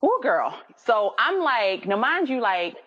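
A woman in her thirties tells a personal story in an easy, chatty way. When she quotes herself and others her voice jumps high and gets expressive. The audio is muffled, with a long reverb tail. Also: slow pace. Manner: animated, quoting herself with high-pitched voices. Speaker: guest. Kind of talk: casual storytelling.

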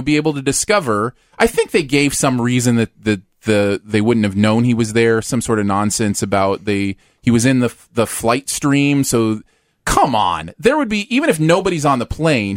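A man casually discussing a movie, lively and incredulous, thinking aloud with restarts. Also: medium pitch, no room sound, studio quality.

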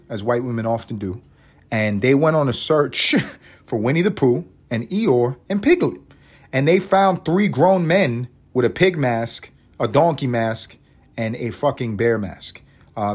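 A man hosting a podcast, ranting comedically in a profane, excitable way and laughing often. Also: medium pitch, slightly rough. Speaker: podcast host. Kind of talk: comedic rant.

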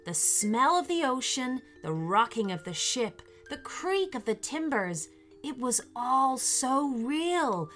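A woman narrating a children's story with an expressive, animated reading. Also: sits high, takes it slowly, soft background music.

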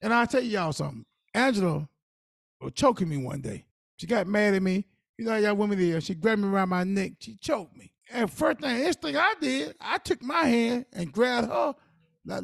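A man's voice: high-pitched, animated, normal speed, creaky, no echo, studio quality. A man co-hosting a podcast, giving earnest, preachy advice in casual talk. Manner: earnest, preachy advice with Southern Black vernacular. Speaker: podcast co-host.

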